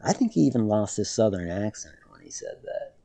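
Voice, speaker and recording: A man's voice: lowish voice, big pitch swings, fairly quick, gravelly, warm tone. A man streaming a game, telling a rambling story with dry humor and frequent self-corrections. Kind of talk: casual storytelling while streaming.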